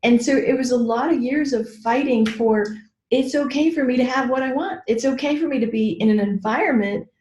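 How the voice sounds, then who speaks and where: High-pitched, fairly quick, and a little mellow, this middle-aged woman's voice echoes roomily as she teaches a group call. She's chatty and personal, frank with mild swearing, and often says "like" and checks in with "right?"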